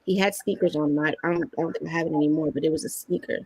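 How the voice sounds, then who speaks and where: Candid woman with a gravelly edge. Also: low-pitched, very fast, dry recording, low-quality recording. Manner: candid, animated storytelling that acts out quoted lines. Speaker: guest. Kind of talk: personal storytelling in a podcast interview.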